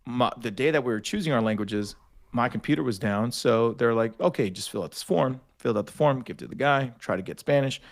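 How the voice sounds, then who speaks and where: Brisk and mid-range, a young man who served in the army trades stories as a podcast guest, cursing liberally and playing out the lines of the people he's quoting in a lively, profane style.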